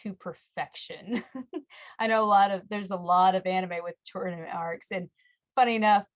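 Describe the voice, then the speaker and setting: A woman's voice: medium pitch, moderate pace. A woman in a casual chat, giggly and playful, joking about characters. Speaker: podcast guest.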